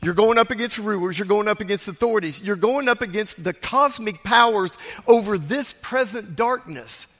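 A man preaching a sermon as a pastor, emphatic, swinging between loud urging and hushed, quiet lines. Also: high-pitched, normal speed, big-room sound.

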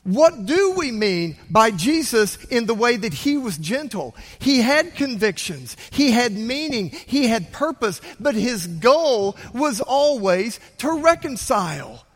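Animated preacher man in an echoey hall. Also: very high voice, slow, hardly any pauses. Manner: animated preaching, drops to quiet then bursts loud. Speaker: pastor. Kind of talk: sermon.

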